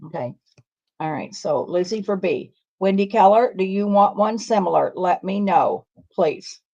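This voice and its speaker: A woman's voice: mid-range voice, animated, unhurried, gravelly, warm tone, highs cut off. A woman co-hosting a live sales show, homely and folksy, reading out buyers' names and assigning their orders. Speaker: co-host taking buyers' orders.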